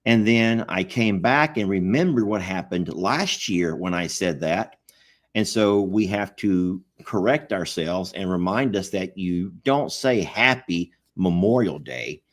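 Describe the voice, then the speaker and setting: A man's voice: sits low, measured pace. A man co-hosting a casual chat, joking and acting out quoted texts in a raised voice. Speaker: co-host.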